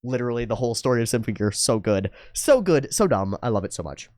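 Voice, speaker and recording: A man's voice: mid-range voice, very animated, fast, darkish tone, dry recording, clean studio sound. A young man hosting an anime reaction channel, chatting casually and reading viewer comments aloud, swearing freely and slipping into mocking voices.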